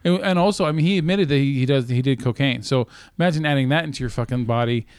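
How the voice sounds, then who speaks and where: A man's voice: mid-range voice, quick pace, a little mellow, smooth, dry recording. A joking man co-hosting a casual movie review podcast. He rambles, loses his thread and laughs often, heard close in a dry room.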